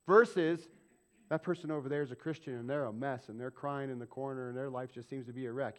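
A man preaching a sermon as pastor of a church, asking the congregation questions and acting out quoted voices. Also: mid-range voice. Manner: animated, asks the congregation questions and acts out quick quoted voices.

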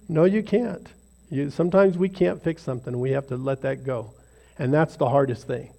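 Gravelly, mellow man giving a devotional. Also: medium pitch, normal speed. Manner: rambling, self-deprecating, conversational. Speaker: lay speaker leading a devotional. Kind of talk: informal devotional talk. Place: small group gathering.

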